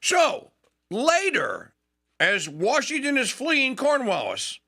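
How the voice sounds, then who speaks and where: Talk show guy telling history stories, rambly and excited, bright forceful voice. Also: very high voice, slow. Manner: enthusiastic, digressive, rambling storyteller. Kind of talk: talk show storytelling monologue.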